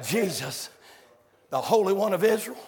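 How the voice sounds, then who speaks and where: A male preacher, shouting and chanting a fiery revival sermon in a church, with calls to the congregation. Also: sits high, expressive, normal speed, vocal fry. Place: church sanctuary. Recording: echoey sanctuary with long reverb.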